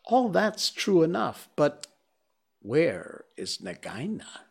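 A man's voice: fairly high pitch, huge pitch swings, slow, gravelly, slightly rough, voice pushed up, heavily acted. A man reading as a brave, impatient young mongoose. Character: brave young male mongoose, fierce and practical.

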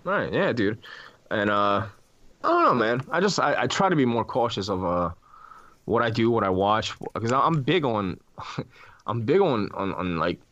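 A man's voice: on the low side, big pitch swings, normal speed, fairly bright tone, lo-fi sound. A man hosting a casual podcast, telling ghost stories animatedly with lots of swearing and restarts. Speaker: podcast host.

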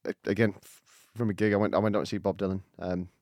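A man chats quickly in a rambling, self-deprecating way, full of fillers and restarts. His voice sits fairly low, and the recording is close and dry with no room sound. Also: little pitch movement, a little mellow, dry recording. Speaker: podcast guest, singer-songwriter. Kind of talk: casual chat.

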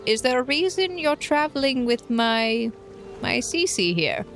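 A woman's voice: high voice, animated, fairly bright tone, faint music behind, pitched above the performer's own voice, full character voice. Woman doing a stern, tiny old village elder. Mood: wary. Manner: stern, slow and grandmotherly.

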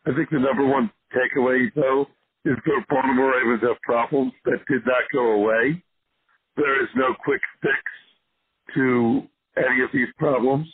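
A hoarse man co-hosting a sports podcast, ranting with passion. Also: medium pitch, steady tone, normal speed, dry recording. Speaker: podcast co-host. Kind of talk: casual sports podcast chat. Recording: tinny phone-line sound, dry.

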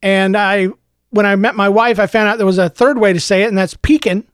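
A middle-aged man hosting a solo podcast, mock-ranting tongue in cheek in a low-key, unhurried way. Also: fairly even intonation, smooth, no echo, clean studio sound. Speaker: podcast host.

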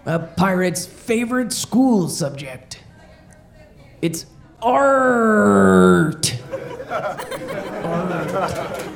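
A man playing a pirate comedian who tells family-friendly jokes and repeats each question before a slow punchline. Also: high-pitched, animated, a faint crowd, a little hiss or hum, full character voice. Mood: cheerful. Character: jolly joke-telling male pirate comedian.

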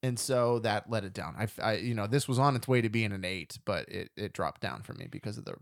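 A man's voice: fairly low pitch, lively intonation, brisk, gravelly, dry recording, clean studio sound. A man co-hosting a casual podcast chat, talking in an opinionated, emphatic way and swearing now and then. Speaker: podcast co-host.

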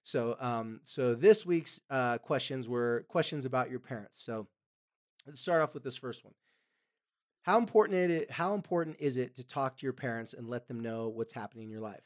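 A man's voice: medium pitch, normal speed. Man, podcast host, casual chat, easygoing, coughs now and then. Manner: relaxed, with frequent ums and quoted voices.

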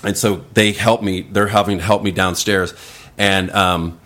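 Man, lowish voice, loose rambling storyteller with lots of restarts; podcast guest. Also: fairly even intonation, unhurried, a bit bright. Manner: rambling, acts out voices in quotes. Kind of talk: casual storytelling.

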